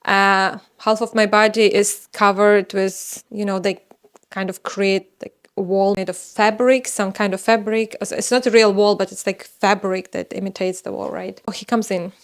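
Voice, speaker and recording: A young woman whose first language is Russian, telling a personal story in a casual, animated way, with sudden high exclamations. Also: moderate pace. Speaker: vlogger telling her birth story.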